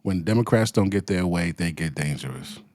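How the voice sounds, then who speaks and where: A man's voice: sits low, expressive, moderate pace, darkish tone, no room sound. A man giving a heated, profane commentary rant full of slang, as the show's host. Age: adult with children. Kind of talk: ranting commentary.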